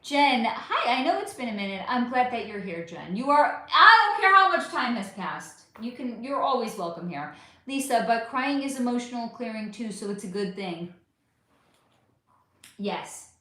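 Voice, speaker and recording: A fairly high-pitched American woman talks casually to her livestream viewers, warm in her words and quick to curse. Her voice rings around a very echoey room. She keeps calling her audience honey as she answers their comments. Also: very animated. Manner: affectionate, swears freely, calls viewers honey. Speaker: livestream host. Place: at home under a bright light.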